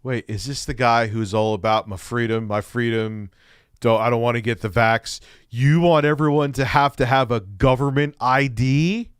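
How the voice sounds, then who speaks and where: A man's voice: medium pitch, moderate pace, smooth, dry recording, studio quality. A man streaming live and reacting to another creator's video with sarcastic, mocking commentary.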